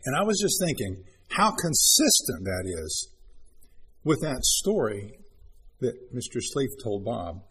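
A man preaching a sermon, reading scripture aloud in an earnest manner and clearing his throat often. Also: fairly low pitch.

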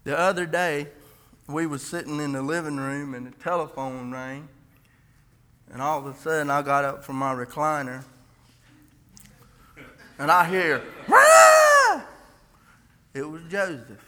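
Casting: a folksy male lay preacher, earnest and halting, bright voice in a reverberant church. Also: on the high side, fairly even intonation. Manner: earnest, folksy, with frequent restarts and scripture reading. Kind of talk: informal church sermon.

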